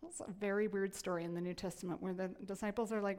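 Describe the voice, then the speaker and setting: A woman pastor preaching a sermon in an animated, playful way, often restarting her sentences. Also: mid-range voice, fast talker, long reverb tail.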